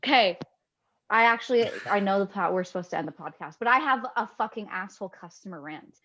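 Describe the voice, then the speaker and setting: A woman's voice: medium pitch, a little fast, lo-fi sound. A woman co-hosting a podcast, chatting casually and telling stories with lots of swearing. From Canada. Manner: swears freely, animated storytelling. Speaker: podcast co-host.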